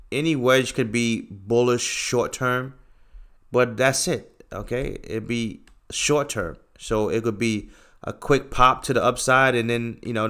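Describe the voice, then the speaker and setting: A man's voice: medium pitch, clear, resonant tone. A man hosting a casual livestream, answering chat bluntly, often tagging "okay" and "bro" and pushing his points emphatically. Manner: lectures emphatically, gets louder when making a point.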